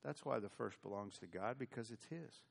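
An American pastor from the United States preaches a sermon, telling Bible stories in a folksy, conversational way. His voice is lowish with vocal fry, and he speaks at a normal speed.

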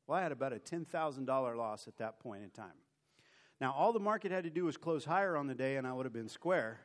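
A man preaching and telling a personal story in a lively way, mocking himself as he acts out the scenes. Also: mid-range voice, fast. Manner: animated, self-mocking storyteller who acts out his own story. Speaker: preacher giving a testimony. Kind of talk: sermon storytelling.

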